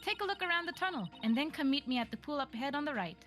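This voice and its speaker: A woman's voice: high voice, expressive, rapid-fire, fairly bright tone, soft background music. A woman voicing a cheerful young aquarium worker who bursts into pirate talk, in a fan voice acting of a game. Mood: friendly.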